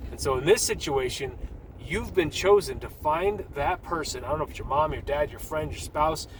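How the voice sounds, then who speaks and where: A man's voice: on the high side, normal speed, slight background noise, poor audio. Earnest man preaching from his car. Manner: earnest, urgent preaching with rambling restarts. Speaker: Christian vlogger. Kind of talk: casual faith talk to camera.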